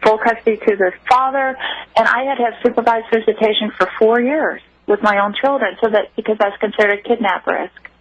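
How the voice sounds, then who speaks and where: A woman's voice: on the high side, steady tone, fast. Earnest woman on a muffled phone line. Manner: earnest, emotional storytelling. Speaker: interview guest. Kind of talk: personal account on a radio call-in show.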